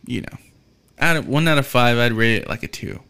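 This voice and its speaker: A man's voice: medium pitch, lively intonation, fairly quick, gravelly, sharp tone, clear, resonant tone. A man hosting a podcast, rambling casually with frequent swearing, fillers and restarts. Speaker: podcast host.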